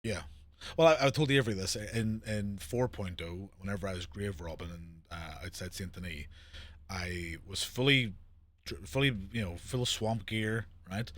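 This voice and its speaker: A man hosting a casual podcast chat, blunt and animated, swearing freely as he tells stories. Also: low voice, moderate pace, no echo. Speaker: podcast host.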